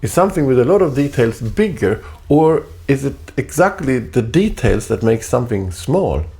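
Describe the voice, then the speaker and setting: A man at home reading a reflective spoken essay in a deliberate, halting way, often repeating his phrases. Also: medium pitch, sing-song, gravelly, mellow. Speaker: artist performing a spoken text.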